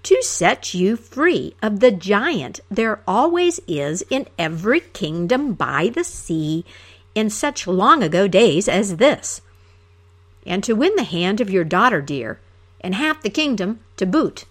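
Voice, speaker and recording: A woman doing a loud, pompous young knight. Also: mid-range voice, big pitch swings, slow. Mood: blustering. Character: blustering boastful young male knight in clanking armor.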